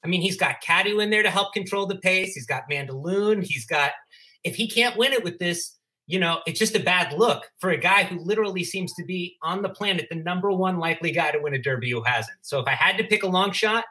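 A man's voice: high voice, brisk, sharp tone. A man co-hosting a podcast in casual chat, chatty and prone to stumbling restarts. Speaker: podcast co-host.

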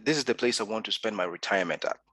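A man's voice: fairly low pitch, very fast, no echo. A man from Gabon in his thirties, a podcast guest talking in a casual interview and acting out the lines he quotes. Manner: animated storyteller, acts out quoted dialogue.

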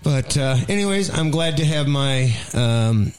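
A man's voice: mid-range voice, lively intonation, unhurried, smooth. A man with a smoker's voice hosting a show in casual chat, joking and rambling with affectionate banter. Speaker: show host.

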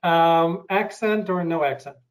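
A man interviewing and sharing his acting experiences, thoughtful and hesitant with many pauses. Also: on the high side, rough recording. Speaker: interviewer and actor. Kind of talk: casual interview.

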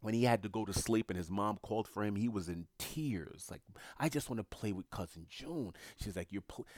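Man, deep low voice, casual storytelling, animated, acts out other people's lines, dry close sound. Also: no room sound.

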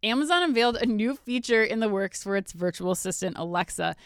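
A woman's voice: medium pitch, animated, quick pace, clear, resonant tone, no room sound, studio quality. A woman in her forties from Minnesota co-hosting a retail podcast, telling playful stories and reading sponsor messages. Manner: chatty, playful storyteller. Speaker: podcast co-host. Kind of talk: casual chat and sponsor reads.

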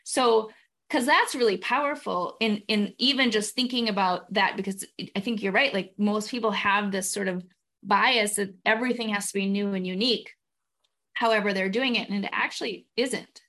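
A woman's voice: mid-range voice, moderate pace, fairly bright tone. A woman hosting an interview, thinking aloud and encouraging her guest as she asks her questions. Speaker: interview host. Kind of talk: casual interview.

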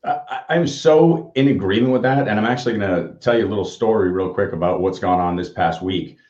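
A man's voice: fairly low pitch, brisk, darkish tone. A man in his fifties co-hosting a casual livestream chat, telling upbeat motivational stories. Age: 50s. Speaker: co-host. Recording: echoey, dull lo-fi audio.

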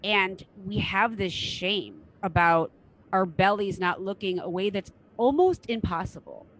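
A woman's voice: mid-range voice, unhurried, a bit bright, low-quality recording. A middle-aged woman hosting a casual interview podcast, frank and enthusiastic and swearing now and then. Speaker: podcast host.

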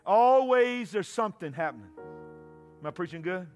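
A man preaching a sermon, often shouting and calling for responses from the congregation. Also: high voice, lively intonation, normal speed, faint music behind. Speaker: pastor.

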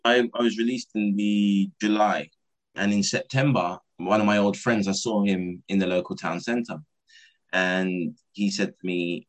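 Man, deep low voice, candid personal storytelling, acts out quoted dialogue. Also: steady tone, a little fast, a bit bright, rough recording. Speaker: speaker telling his life story.

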